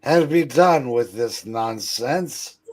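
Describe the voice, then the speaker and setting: A man voicing a stingy, grumpy old miser as he reads a comic book aloud, in a gruff, scolding manner. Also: medium pitch, lively intonation, slow.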